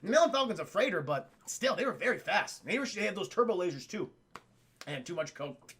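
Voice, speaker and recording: A man's voice: sits high, big pitch swings, brisk, a bit bright, husky. A male streamer who retells a film to his chat in a comic, rambling, profane way.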